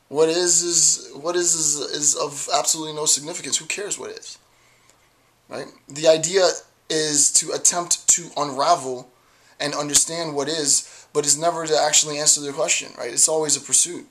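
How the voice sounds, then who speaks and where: A man's voice: medium pitch, a bit bright. A man talking to the camera in a rambling philosophical monologue, playful and digressive, often checking in with "right?". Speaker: video blogger.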